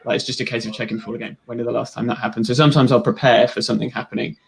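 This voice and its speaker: A man's voice: medium pitch, little pitch movement, racing, vocal fry, low-quality recording. A young man in casual chat about football stats, rambling a little and laughing at himself. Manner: rambling, self-deprecating, frequent restarts. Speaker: guest, runs a football stats account.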